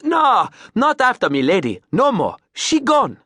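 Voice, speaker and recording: A man voicing a lean, grinning boat captain with a Creole accent, talking loud in clipped broken English. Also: high voice, huge pitch swings, unhurried, no room sound, studio quality, voice pushed up, full character voice. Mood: boisterous.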